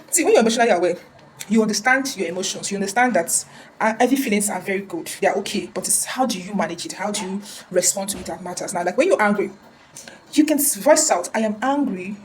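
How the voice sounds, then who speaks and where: A woman's voice: medium pitch, slight background noise, rough recording. A woman counselor giving earnest advice in a casual talk, often repeating words and restarting.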